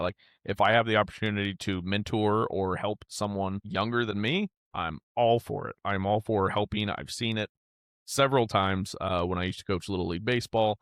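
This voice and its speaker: A man's voice: fairly low pitch, a bit bright, dry recording, studio quality. A man in his thirties hosting a podcast, telling a personal story in a candid, rambling, heartfelt way with casual swearing. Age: 30s. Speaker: podcast host.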